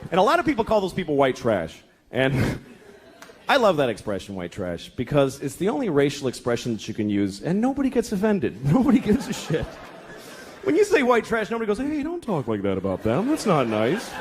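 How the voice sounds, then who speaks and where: Recorded live at a comedy club, with the crowd laughing and making noise, a middle-aged man does stand-up full of profane, exasperated tales and acted-out voices. He speaks briskly in a fairly high pitch with huge swings.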